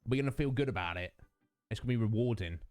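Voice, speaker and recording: A man's voice: lowish voice, lively intonation, very fast, darkish tone, dry recording, soft background music. A young man hosting a casual stream, rambling with lots of fillers and self-mocking asides. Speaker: livestream host. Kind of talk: casual chat with viewers.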